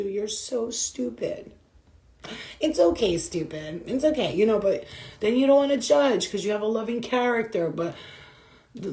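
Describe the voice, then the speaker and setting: A woman gives a loose, casual spiritual reading, dropping profane slang and laughing often. Her voice is mellow and warm. The room has a noticeable echo. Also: on the high side. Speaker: spiritual reader. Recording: roomy echo.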